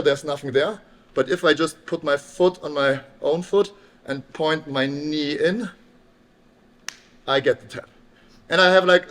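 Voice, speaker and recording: Man, coach demonstrating on a partner, halting fillers, slightly high voice. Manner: explains while demonstrating, halting with fillers and restarts. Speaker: grappling instructor. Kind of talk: casual technique instruction.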